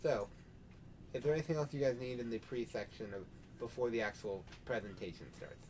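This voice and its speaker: A man's voice: medium pitch, expressive, fairly quick, a little mellow, slight background noise. A man narrating as game master in a casual, loose way.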